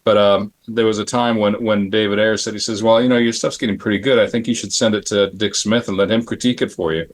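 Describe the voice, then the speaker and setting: A middle-aged man from Phoenix, Arizona, with a slightly low voice, telling stories from his career to a panel. He brings the people in his tales to life, mimicking how they talked. His delivery is loose and full of restarts, with frequent throat clearing. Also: fast, few pauses. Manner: animated, acts out the people in his anecdotes. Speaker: panel guest, makeup effects artist. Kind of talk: storytelling on a panel.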